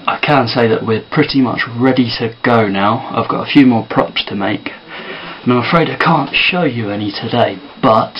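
A man talking quietly and softly to camera in a casual sit-down vlog. He sounds tired. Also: medium pitch, normal speed, highs cut off. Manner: quiet and soft-spoken. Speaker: vlogger and amateur filmmaker.

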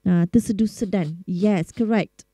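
A woman with a Malaysian accent teaching English phrases on a radio show, explaining words slowly and laughing often. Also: medium pitch, mellow, no echo. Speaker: English language panelist. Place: radio studio.

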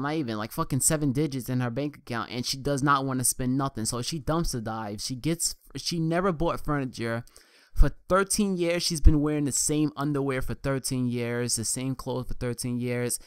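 A man's voice: medium pitch, clear, resonant tone, dry recording, clean studio sound. A young man around twenty with a New York accent, chatting casually and rambling loosely over live gameplay on his gaming channel.

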